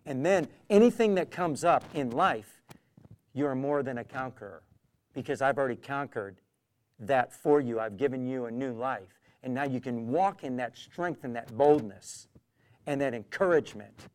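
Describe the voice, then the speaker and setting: A man's voice: medium pitch, normal speed. Earnest male street preacher. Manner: earnest, animated storytelling, acting out quoted exchanges. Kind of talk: preaching testimony. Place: London.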